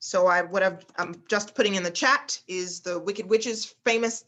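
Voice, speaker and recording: A woman speech instructor guiding a class over a video call, talking through breathing and resonance with plenty of fillers. She breaks into bright, high exclamations to demonstrate the head voice. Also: moderate pace, few pauses. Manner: demonstrates pitches with exaggerated exclamations, frequent fillers.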